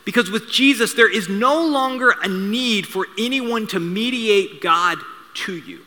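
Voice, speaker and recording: Bright-voiced preaching man in a reverberant hall. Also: high voice, normal speed. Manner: conversational storytelling with asides and humor. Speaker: pastor. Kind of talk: sermon.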